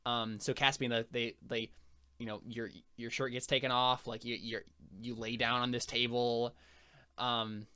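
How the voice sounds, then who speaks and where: A man's voice: medium pitch, level tone, unhurried, bright, forceful tone, smooth. A young man acting as game master, narrating casually with lots of fillers and laughs. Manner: rambling, full of fillers and laughs.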